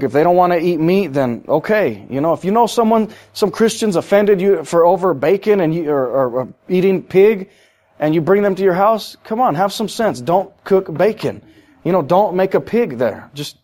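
A man preaching a sermon as pastor, emphatic, rising and getting louder for effect, then dropping low and slow on key points.

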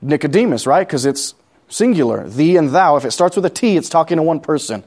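A man's voice: a little high, animated, a little fast, darkish tone. A man preaching a conversational sermon, repeating key points and asking the congregation questions.

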